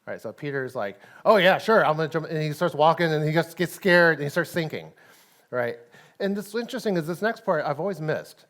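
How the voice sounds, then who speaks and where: A man with a Texan accent delivers a relaxed, conversational sermon at a church service. His voice sits fairly high, and he laughs easily and tosses in "right?" to keep the congregation with him. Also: brisk. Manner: chatty, laughs often, says "right?" a lot. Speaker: pastor.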